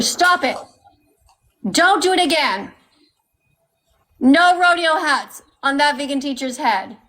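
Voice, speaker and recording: A woman's voice: high voice, a bit bright. A woman hosting a live stream, talking straight to her viewers and scolding them now and then. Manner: scolding, talks to viewers directly. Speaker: livestream host.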